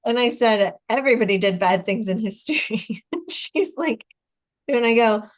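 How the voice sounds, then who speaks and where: A woman's voice: a little high, lively intonation, normal speed. An American woman in her forties hosting a casual video call chat, telling stories with frequent laughter and acted-out dialogue. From United States. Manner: chatty storyteller, laughs often, acts out dialogue. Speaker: host.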